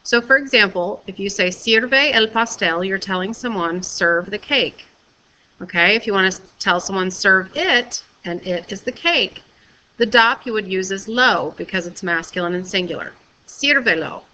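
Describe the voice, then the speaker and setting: A woman teacher giving a recorded video lesson, explaining patiently and clearly and often checking with "okay?". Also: medium pitch, bright, forceful tone, a little hiss or hum, rough recording.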